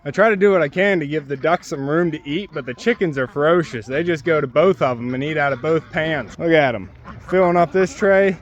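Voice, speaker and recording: A man's voice: fairly high pitch, a little fast. A man doing a casual homestead vlog outdoors at his barn, chatting as he works and talking to his animals. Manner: chatty, talks to his animals while working. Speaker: homestead vlogger. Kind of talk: casual chores narration to camera. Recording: dull lo-fi outdoor sound, faint ambience.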